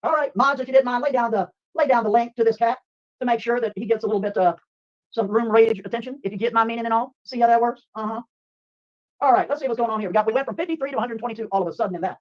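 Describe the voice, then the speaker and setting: A man hosting a livestream, chatting rapidly and upbeat with frequent laughs. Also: extremely high pitch, highs cut off. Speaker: livestream host. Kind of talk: excited livestream chat. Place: home streaming room.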